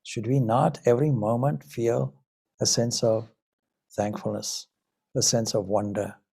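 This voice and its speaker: A man's voice: mid-range voice, steady tone, unhurried, creaky, dark tone, breathy edge. A man from Zimbabwe, a Vedanta swami, giving a reflective spiritual talk full of rhetorical questions. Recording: Ireland talk.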